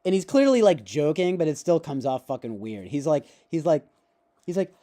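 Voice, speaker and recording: A man's voice: fairly high pitch, expressive, moderate pace, warm tone. A man hosting a casual streamed chat, rambling along and often breaking into laughter and swearing. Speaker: host.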